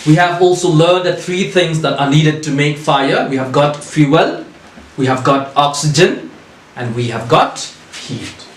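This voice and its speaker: A man teaching a recorded lesson, asking questions and answering them himself in a deliberate way. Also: on the high side. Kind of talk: recorded online English lesson. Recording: echoey room.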